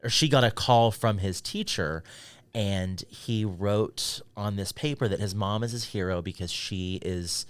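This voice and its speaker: A man's voice: on the low side, measured pace, clear, resonant tone, dry recording. A man co-hosting a podcast, talking casually and thinking things through aloud. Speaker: podcast co-host. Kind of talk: casual chat.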